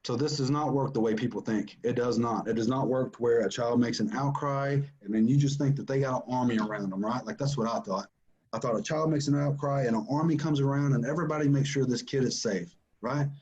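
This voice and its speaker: A man's voice: mid-range voice, fairly quick, a little mellow, dull audio. A man giving an earnest, emphatic personal account as a father. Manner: earnest, emphatic, repeats for stress. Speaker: father telling his family story. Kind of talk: personal testimony.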